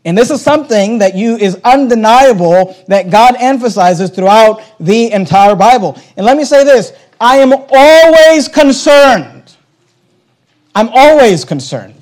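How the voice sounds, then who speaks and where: A man's voice: sits high, expressive, moderate pace, few pauses, a little mellow, poor audio. A man preaching a sermon as a pastor, hammering points home with emphatic repetition.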